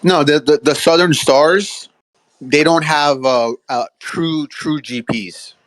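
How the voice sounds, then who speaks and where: A man in an online call discussion asking a question, halting and hesitant, with many repeated words, and eating while he talks. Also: fairly high pitch, a bit bright, no echo.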